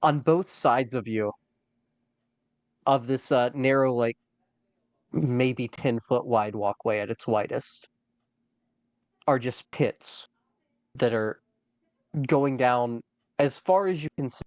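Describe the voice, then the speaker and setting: Slow, halting man narrating a dungeon crawl. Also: medium pitch, dry recording. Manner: halting, many fillers and restarts. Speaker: dungeon master. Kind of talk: narrating a tabletop game.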